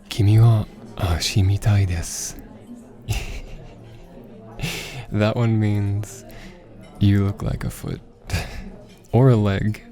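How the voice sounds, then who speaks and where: A young man in a whispered role-play as a teasing, affectionate boyfriend teaching Japanese, talking softly with frequent laughs. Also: on the low side, creaky. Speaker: ASMR roleplay creator. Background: background music.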